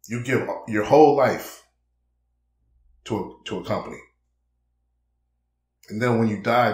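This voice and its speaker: A young man delivering a blunt, preachy monologue, mid-pitched and conversational. He keeps throwing in "man" and slips into quoted back-and-forth dialogue. The sound bounces around an echoey room. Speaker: vlogger. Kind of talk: casual monologue to camera.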